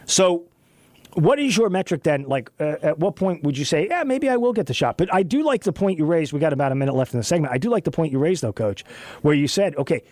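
A man hosting a talk radio show, chatting loosely with a co-host, animated and rambling with frequent restarts. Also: fairly high pitch, fast talker, dry recording, studio quality. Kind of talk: casual talk radio chat. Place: radio studio. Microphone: studio microphone.

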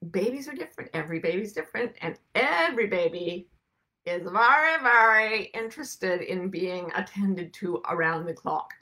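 Woman, host, bright tone, chatty monologue, rambling with asides. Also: medium pitch, expressive, normal speed. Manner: rambling and conversational, with frequent asides. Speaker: host of a weekly broadcast. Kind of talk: casual monologue to viewers.

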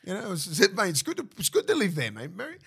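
A man's voice: sits high, fast talker, creaky. An Australian man in his thirties, a former rugby league player, telling stories in casual podcast chat and swearing freely. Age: 30s. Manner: swears freely, animated storytelling with mimicked voices.

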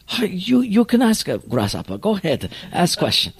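A man putting on a slow, high old bonsai master. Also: huge pitch swings, gravelly, husky, heavily acted. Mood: patiently instructive. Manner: slow, clipped broken phrasing. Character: calm older male bonsai master, patient teacher.

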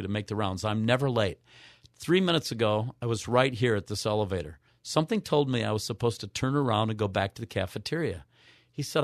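A man of mature years, a radio show guest, earnestly telling a personal story with halting restarts. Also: fairly low pitch, no echo, clean studio sound. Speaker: guest, author.

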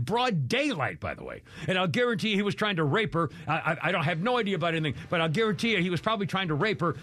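A man's voice: high voice, a bit bright, no echo. A man in his sixties hosting a talk radio show, blunt and jokey with frequent chuckles. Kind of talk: casual talk radio banter.

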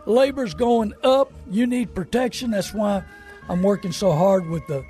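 A man's voice: sits high, measured pace, dark tone, faint music behind. An older man hosting a call-in car radio show in a folksy, rambling salesman's way. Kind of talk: casual call-in radio talk with plugs.

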